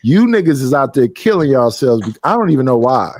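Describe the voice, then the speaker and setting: A man's voice: medium pitch, very animated, brisk, darkish tone, no echo. A man on a casual podcast, telling stories animatedly and acting out other people with a raised voice, swearing freely. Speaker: podcast host. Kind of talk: casual chat.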